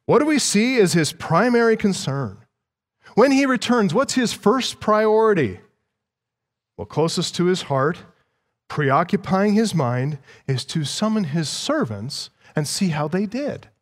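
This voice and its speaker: A man's voice: high voice, very animated, measured pace, big-room sound. A man preaching an expository sermon, teaching through a passage verse by verse and putting questions to his listeners. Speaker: pastor.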